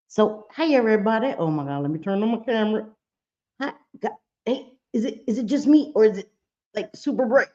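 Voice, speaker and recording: A woman's voice: on the low side, expressive, unhurried, darkish tone, highs cut off. A woman hosting a casual livestream from home, talking to viewers and swearing freely. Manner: chatty, swears freely, laughs often. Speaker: livestream host. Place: home room with bright lights.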